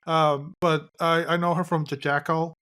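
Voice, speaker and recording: A man co-hosting a podcast, recapping a film in casual chat with a halting, wry, rambling delivery. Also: on the high side, level tone, a bit bright, clear, resonant tone. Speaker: podcast co-host.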